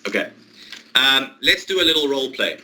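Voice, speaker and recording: A man teaching English one-to-one, explaining a role-play exercise patiently, step by step, with pauses. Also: medium pitch, very animated, pushed and bright, a little hiss or hum, rough recording. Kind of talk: online one-to-one English lesson.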